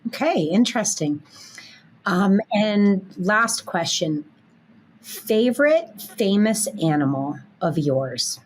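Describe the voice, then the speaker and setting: A woman from Canada hosting a podcast, asking questions in a relaxed, friendly way with some fillers. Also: mid-range voice, slow, slight background noise. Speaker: podcast host. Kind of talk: casual interview questions.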